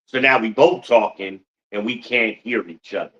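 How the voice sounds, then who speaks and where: A man's voice: fairly low pitch, moderate pace, a bit bright, lo-fi sound. A middle-aged man hosting a podcast in a blunt, profane ranting monologue, full of rhetorical questions to his listeners. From United States. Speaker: podcast host.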